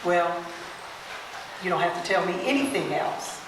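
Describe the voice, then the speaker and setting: A woman's voice: fairly low pitch, unhurried, far from the mic, background noise. Woman storyteller in an echoey hall. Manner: animated storyteller who acts out quotes. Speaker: guest speaker. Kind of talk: personal storytelling talk.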